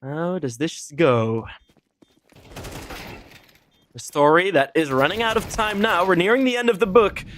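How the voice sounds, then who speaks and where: A man's voice: high voice, unhurried, long pauses, a bit bright, a little hiss or hum. A man casting a competitive shooter match alone, rambling casually between plays with fillers and small laughs. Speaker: esports caster. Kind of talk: solo live game commentary.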